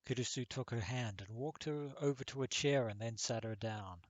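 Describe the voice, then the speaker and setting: A man's voice: medium pitch, moderate pace, dry recording. A man hosting a let's play, reading the game text aloud and adding comments with some fillers.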